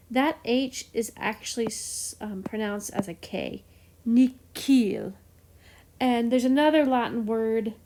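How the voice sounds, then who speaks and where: Cheerful, slightly high-voiced woman teaching chant. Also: darkish tone. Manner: enthusiastic, playful, self-described geek; chatty with frequent fillers and small laughs. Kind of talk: casual explanatory lesson.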